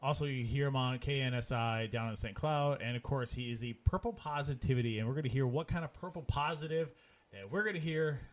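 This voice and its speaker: A man's voice: medium pitch, a little fast. A man hosting a sports podcast, introducing a guest in an upbeat, casual way. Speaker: podcast host. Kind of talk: casual banter and show intro.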